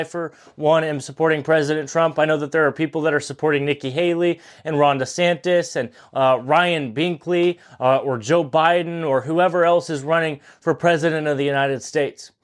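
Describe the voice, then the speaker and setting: A man's voice: a little high, fairly even intonation, brisk, hardly any pauses. A man in his twenties hosting his own podcast, giving an impassioned political monologue in an earnest, pleading way, repeating himself for emphasis. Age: 20s. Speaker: podcast host.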